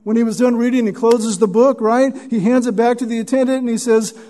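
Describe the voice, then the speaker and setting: A man preaching a sermon as pastor, teaching through scripture and sinking to a hushed tone when he quotes. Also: very high voice, fairly even intonation, a little fast, few pauses.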